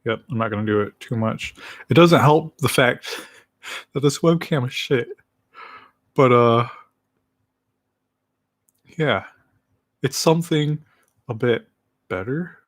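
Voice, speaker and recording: A man's voice: medium pitch, takes it slowly, pauses often, no room sound, studio quality. A man chatting casually on a livestream, rambling in a laid-back way and laughing easily.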